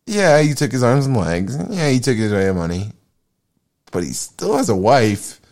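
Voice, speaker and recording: A man's voice: mid-range voice, big pitch swings, moderate pace, darkish tone, pitched above the performer's own voice. A man voicing a sly male devil who coaxes in a hesitant, insinuating way.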